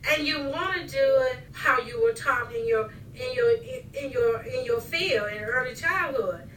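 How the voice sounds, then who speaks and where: A woman's voice: high voice, fairly bright tone, a little hiss or hum. An older woman, a mother and grandmother, telling family stories in a casual chat. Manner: slow, storytelling, laughing as she recalls. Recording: echoey room, mic at a distance.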